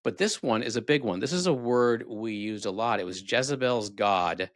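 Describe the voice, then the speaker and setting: A man's voice: lowish voice, moderate pace, no echo, studio quality. Sarcastic man delivering critical commentary. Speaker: video host. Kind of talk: casual commentary.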